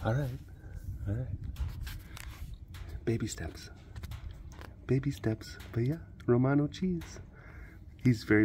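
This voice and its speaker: A man, an animal keeper vlogging outdoors by the enclosures, chatting in a rambling, excitable way with lots of fillers. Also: fairly low pitch, gravelly, slight background noise. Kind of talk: casual vlog chat.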